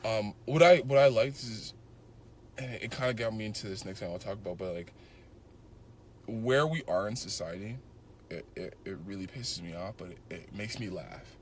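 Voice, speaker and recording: A man's voice: on the low side, normal speed, slight background noise. A young man co-hosting a podcast, chatting casually and rambling through a long joke with many restarts. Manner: rambling, restarts a lot, retells a joke with quoted voices. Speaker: podcast co-host. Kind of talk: casual chat.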